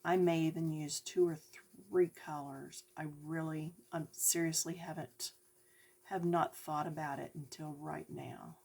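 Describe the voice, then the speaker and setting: A woman's voice: sits low, steady tone, unhurried, vocal fry, darkish tone, slightly rough. A woman giving a chatty coloring lesson, talking directly to her viewers. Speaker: coloring tutorial host.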